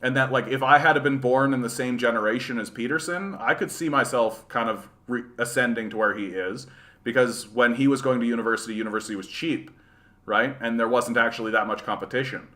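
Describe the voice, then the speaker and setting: Male livestream host from rural Manitoba, bright tone, rambling, sarcastic delivery. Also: mid-range voice, fairly quick. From rural Manitoba, Canada. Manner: rambling, repeats "right?", sarcastic asides. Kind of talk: casual livestream chat reading viewer comments.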